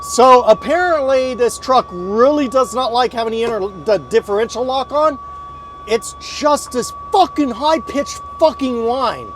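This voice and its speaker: A man streaming a driving game, talking through each move and swearing loudly in frequent exasperated outbursts. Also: extremely high pitch, unhurried, noisy background. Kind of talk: live gameplay commentary.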